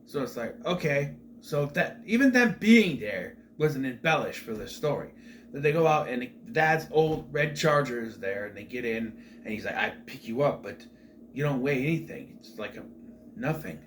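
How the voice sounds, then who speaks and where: A middle-aged man hosts his own show, walking through a film's ending in a loose, rambling way, full of side remarks and restarts. His voice sits at an ordinary pitch for a man. Faint background noise runs under the recording. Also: lively intonation, normal speed, a bit bright. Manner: rambling, chatty asides and restarts. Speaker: movie review host. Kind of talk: casual film recap.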